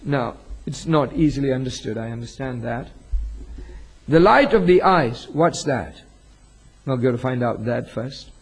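A man's voice: fairly high pitch, breathy edge, poor audio. A male pastor preaching a sermon, reading scripture aloud and asking the congregation questions.

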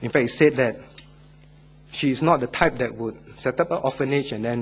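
An earnest man preaches a sermon and then leads a closing prayer in a husky, medium-pitched voice. He swings between loud, stressed words and hushed lines, drawing key words out slowly.

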